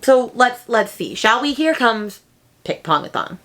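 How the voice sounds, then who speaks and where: A young woman book vlogger chatting casually at home, excitable and quick to jump up high in pitch when she reacts. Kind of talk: casual chat.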